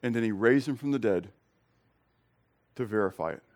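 Conversational male pastor preaching. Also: moderate pace. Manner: conversational preaching that swings between loud emphasis and quiet, low asides; asks the congregation direct questions. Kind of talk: expository sermon.

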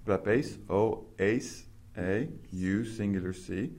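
A man with a somewhat low voice leads a small class through grammar. He asks questions and explains each point patiently. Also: slow pace, mellow. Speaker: Greek teacher. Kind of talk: classroom instruction.

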